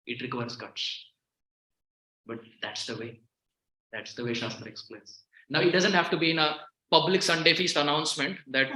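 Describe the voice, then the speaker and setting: Bright-voiced man preaching in echoey hall. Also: on the high side, brisk. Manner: earnest, repeats key phrases, swings from hushed to emphatic. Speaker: visiting devotional speaker. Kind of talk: devotional sermon. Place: temple hall.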